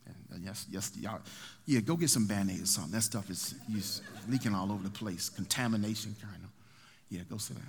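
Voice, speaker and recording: A man's voice: lowish voice, a little fast, breathy edge. A man preaching a sermon, retelling a story in a dramatic, folksy way. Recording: long hall reverb.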